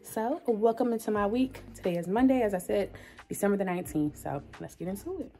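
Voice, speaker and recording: A woman's voice: medium pitch, animated, brisk, mellow, soft background music. A young woman chatting upbeat and straight to her viewers in a casual vlog, calling them y'all. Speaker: lifestyle vlogger.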